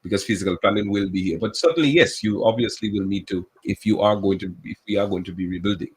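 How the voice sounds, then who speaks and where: Deep husky man explaining. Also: fast, poor audio. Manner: earnest, explains at length with many restarts. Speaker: government official as studio guest. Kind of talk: radio talk show interview.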